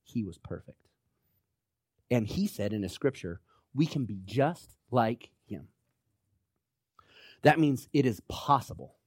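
A man's voice: mid-range voice, expressive, slow, long pauses, breathy edge, no room sound, clean studio sound. A man preaching a sermon as pastor, emphatic and exhorting, rallying listeners with "come on now".

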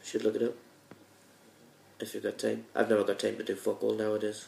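A man's voice: fairly low pitch, monotone, fairly quick, vocal fry, darkish tone, reverberant, slight background noise, low-quality recording. An English man hosting casual chat during an online game, rambling and swearing freely. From England. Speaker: podcast host. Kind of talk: casual chat while gaming.

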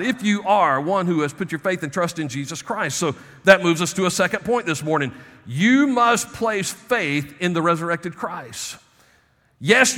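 High, bright-voiced preaching man. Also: big-room sound. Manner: preaching, swings between soft asides and emphatic rises. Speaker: pastor. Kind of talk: sermon.

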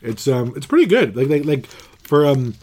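A man's voice: mid-range voice, big pitch swings, moderate pace, warm tone. Middle-aged man, podcast host, casual and jokey, rambles a bit, voice rising and falling a lot. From Canada. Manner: jokey, rambling, laughs easily. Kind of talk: casual chat.

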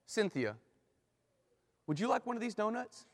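A man voicing a stern male professor who asks calm, deliberate questions. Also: high-pitched, full character voice. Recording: long hall reverb.

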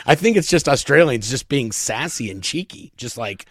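A man co-hosting a casual talk show, telling anecdotes with lively acted-out quotes. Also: medium pitch, moderate pace. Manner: animated storyteller, mimics others in quoted asides. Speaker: podcast co-host. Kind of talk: casual chat.

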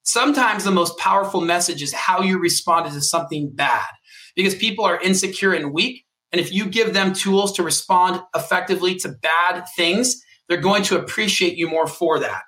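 A podcast co-host who works as a mortgage coach advises listeners with punchy, emphatic conviction. His slightly high, very bright voice carries a forceful, motivational delivery.

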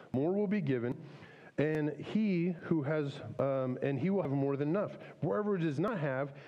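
Male pastor, relaxed chatty preaching style, slightly high voice, long hall reverb. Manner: conversational, many fillers and restarts. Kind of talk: casual sermon.

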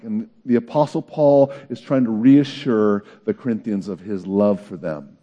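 A man's voice: lowish voice, measured pace, mellow, dull audio. A man preaching a sermon in an earnest way, his voice climbing into pleading questions. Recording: long reverb of a large hall.

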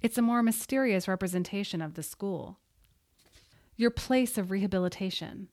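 A woman reading aloud, voicing a menacing male teacher who mocks and then shouts in anger. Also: mid-range voice, normal speed, lightly acted. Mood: mocking. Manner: mocking, then shouting angrily.

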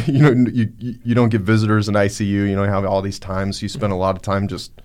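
A man on a podcast, recounting a personal story in a halting, reflective way with many fillers. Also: fairly low pitch, level tone, a little mellow. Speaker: podcast guest. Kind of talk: casual storytelling.

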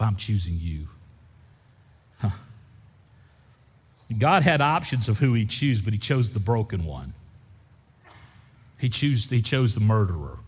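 A man preaching a sermon, building to loud repeated refrains and joking with the congregation. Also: medium pitch, breathy edge. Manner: preaching with rising intensity, repeating phrases. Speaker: pastor. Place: church sanctuary. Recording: church hall with long reverb.

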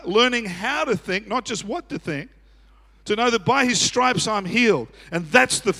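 A man preaching a sermon as pastor, swinging from quiet asides to loud shouting and often chuckling. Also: high-pitched. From Australia. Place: church auditorium. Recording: echoey church hall.

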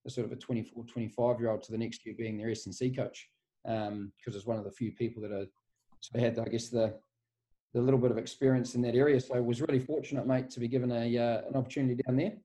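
A man's voice: mid-range voice, steady tone, fast, warm tone. A man in his forties with a New Zealand accent, a guest coach telling his story in a laid-back, rambling way and calling the host "mate" all the time. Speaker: guest, strength and conditioning coach. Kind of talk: casual podcast interview. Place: office.

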